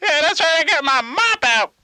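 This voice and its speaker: A man voicing a goofy young Italian-Canadian Zamboni driver in a high, sing-song put-on voice. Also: sing-song, normal speed, bright, forceful tone, no echo, heavily acted.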